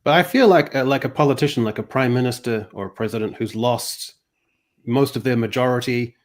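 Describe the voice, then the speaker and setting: A man's voice: mid-range voice, a little fast. A man hosting a livestream, chatting casually with a sarcastic, rambling delivery. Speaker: host.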